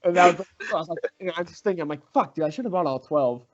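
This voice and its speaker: Young male podcast host, animated storyteller, somewhat high voice, slightly dull recording. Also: quick pace, a crowd in the background. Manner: animated, swearing, acts out quotes. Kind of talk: casual storytelling among friends.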